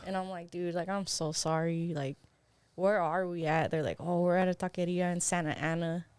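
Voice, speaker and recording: A woman's voice: on the low side, flat delivery, moderate pace, darkish tone, smooth, dry recording. Laughing young woman telling a casual story. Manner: loose and laughing, swears freely, heavy on "like". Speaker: podcast co-host. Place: podcast studio.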